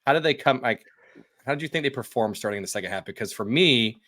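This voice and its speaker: A man's voice: medium pitch, lively intonation, quick pace, pushed and bright, dry recording, clean studio sound. A man co-hosting a soccer podcast, recapping a match in an upbeat way and asking his co-host questions, with many fillers. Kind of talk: casual sports chat.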